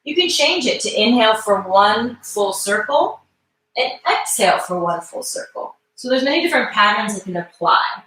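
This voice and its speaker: A woman leading a live mobility class, calmly guiding movements and breath cues. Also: fairly high pitch, normal speed. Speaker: mobility instructor. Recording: echoey room, mic far off.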